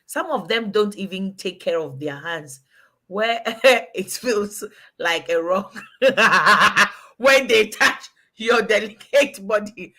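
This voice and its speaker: A woman's voice: medium pitch, sharp tone. A woman from Ghana, chatting casually and emphatically while giving relationship advice and calling out to a listener by name. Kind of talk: casual chat.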